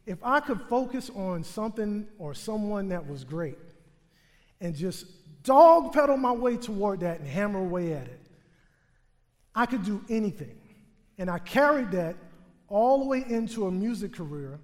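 High-voiced man telling a funny story. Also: moderate pace. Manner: humorous, self-mocking, animated delivery. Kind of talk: live stage storytelling. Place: theater stage before a live audience. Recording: long theater hall reverb.

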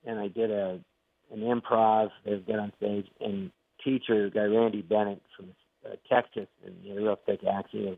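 His voice on the low side, with vocal fry and a breathy edge, a middle-aged actor and comedian tells stories at normal speed as a guest in a casual interview. He's animated and acts out the quotes. It's a tinny phone line with a dry sound and no echo.

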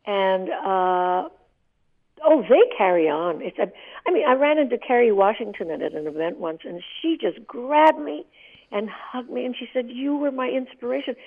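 A woman's voice: a little high, lively intonation, normal speed. An older woman in her eighties, a guest telling vivid, emotional stories in a candid interview. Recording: tinny phone line.

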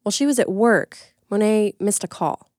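A woman reporter giving measured, scripted narration in a plain storytelling manner. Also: medium pitch, animated, a little mellow, no echo, studio quality. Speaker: radio reporter.

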